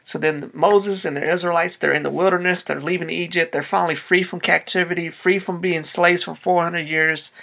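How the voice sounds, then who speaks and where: A man's voice: a little high, steady tone, normal speed, gravelly, hardly any pauses, bright, forceful tone. A man preaching a sermon in a casual, conversational way, using slang as he retells a Bible story. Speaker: pastor.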